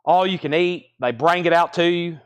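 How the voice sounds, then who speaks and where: A man's voice: a little high, moderate pace, clear, resonant tone. A man hosting a live stream, chatting and rattling off record titles and prices. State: out of breath. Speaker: live sale host. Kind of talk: live-stream sales patter.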